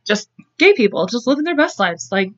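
A woman's voice: fairly high pitch, very animated, brisk, fairly bright tone, dry recording, lo-fi sound. A woman hosting a podcast, telling a true story in a casual, chatty way, with frequent swearing and laughing asides. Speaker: podcast host.

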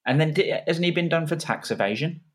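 A man's voice: fairly high pitch, animated, a little fast. A man chatting on a football podcast, wry and teasing. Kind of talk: casual football podcast chat.

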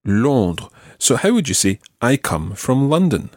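Husky, lively-voiced male French teacher. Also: medium pitch, no room sound, clean studio sound. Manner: patient, models phrases slowly and clearly. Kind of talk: language lesson with a learner.

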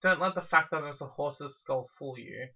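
A woman's voice: sits low, moderate pace, bright, forceful tone. A woman co-hosting a casual podcast, adding dry quips and explaining a folk custom, on a dull lo-fi recording. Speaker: podcast co-host. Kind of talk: casual chat.

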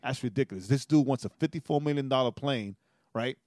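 A man co-hosting a podcast and chatting casually in a middle-pitched voice. He tells his stories at length and keeps checking in with a quick "right?". The sound is dry and close to the mic, with no room around it. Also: a little mellow, no echo. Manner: storytelling, tags nearly every sentence with "right?". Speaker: podcast co-host. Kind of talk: casual chat.

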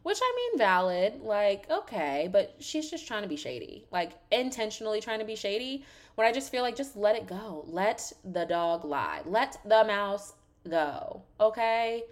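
A woman hosting a podcast, recapping a reality show in casual chat, sassy and animated, swearing freely and saying "like" constantly. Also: medium pitch, a little slow.

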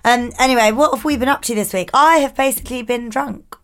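A tipsy woman from Hertfordshire co-hosting a podcast, loud and boisterous, swearing and laughing. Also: fairly high pitch, quick pace, clean tone. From Hertfordshire, England. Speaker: podcast co-host. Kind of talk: casual chat.

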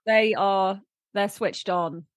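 A woman's voice: medium pitch, fairly even intonation, takes it slowly, no echo, clean studio sound. A woman co-hosting a podcast, bubbly and teasing in casual chat, laughing often. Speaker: podcast co-host.

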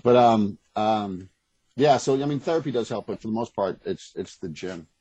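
A man's voice: on the low side, lively intonation, moderate pace, dark tone, slightly rough, no echo, muffled recording. A middle-aged man speaking as a guest in a casual interview, candid and blunt, rambling with restarts. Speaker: guest, author.

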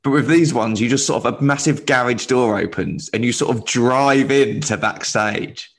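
A man, a stand-up comedian, telling a lively story in casual chat, laughing as he goes. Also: mid-range voice, normal speed.

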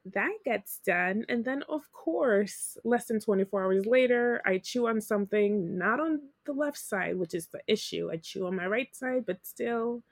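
A woman co-hosting a podcast in casual chat, her voice a little rough after being sick, telling stories and laughing often. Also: mid-range voice, animated, unhurried, few pauses, dry recording, clean studio sound. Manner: chatty, storytelling, laughs often. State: recovering from illness, voice rough. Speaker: podcast co-host.

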